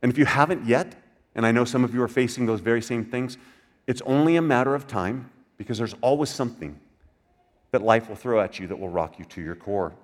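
An older man preaching a sermon in a conversational way. He asks the listeners questions and drops into soft, quiet passages. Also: mid-range voice, brisk. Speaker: pastor.

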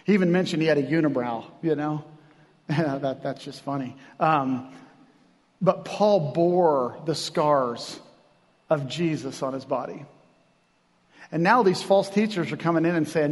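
Pastor, male, high-pitched voice, lively conversational sermon delivery in a church with long reverb. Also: measured pace. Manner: animated, conversational preaching with acted-out quotes.

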